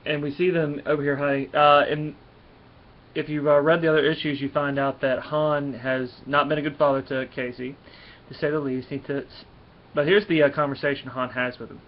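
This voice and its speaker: A man's voice: on the high side, flat delivery, moderate pace. Rambling man reviewing a comic. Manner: rambling, with many fillers and restarts. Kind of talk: casual review commentary. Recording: dull lo-fi recording.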